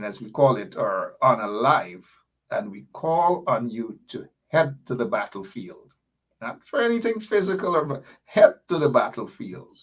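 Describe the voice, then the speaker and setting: A man's voice: medium pitch, a bit bright, breathy edge. A man hosting a live online talk show, speaking emphatically and repeating key points to rally his listeners. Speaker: host. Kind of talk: live online political commentary.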